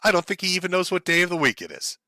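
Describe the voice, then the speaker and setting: This is a man in a livestream commentary rant, and his voice sits a little high with a bright, cutting edge. He is blunt and sarcastic, and he swears freely while he gets heated. His voice sounds close and dry. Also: big pitch swings, very fast, dry recording. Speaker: streamer host.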